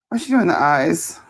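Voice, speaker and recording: A woman hosting a relaxed live stream, laughing easily and poking fun at herself. Her voice sits low but swings widely in pitch as she talks. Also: husky. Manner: laughing, animated, self-deprecating. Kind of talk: casual live-stream chat.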